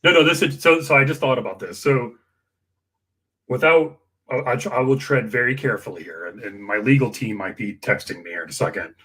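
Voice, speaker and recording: A man telling campaign stories in casual chat, animated and full of acted-out quotes. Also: fairly quick, husky. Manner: animated, acts out quoted dialogue with big pitch jumps. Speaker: political campaign staffer and guest storyteller. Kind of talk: casual conversational storytelling.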